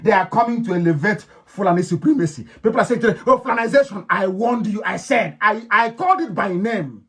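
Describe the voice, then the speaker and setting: Nigerian guy w igbo accent, high voice, preaching-style broadcast, goes loud then low and intense. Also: expressive, fairly quick. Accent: Nigerian, Igbo-influenced English. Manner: emphatic and repetitive, swinging between loud declarations and low intense tones. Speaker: political leader broadcasting to followers. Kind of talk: impassioned radio address.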